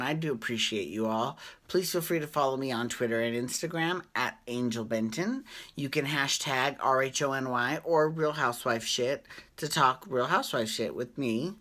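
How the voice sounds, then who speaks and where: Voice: mid-range voice, a bit bright. A host recapping a reality show in a casual, gossipy vlog, chatting and laughing along. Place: home at night.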